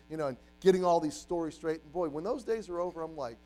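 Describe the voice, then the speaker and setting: A man in his forties preaching a sermon as a youth pastor, animated, acting out the voices of doubters and the devil. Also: fairly high pitch, quick pace, hardly any pauses, soft background music, low-quality recording.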